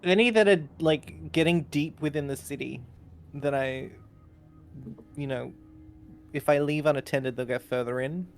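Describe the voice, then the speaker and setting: A man's voice: on the high side, unhurried, a little hiss or hum. A man playing a tabletop role-playing game, chatting casually and thinking aloud as he decides his moves. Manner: hesitant, thinks aloud with fillers and swearing. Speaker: player.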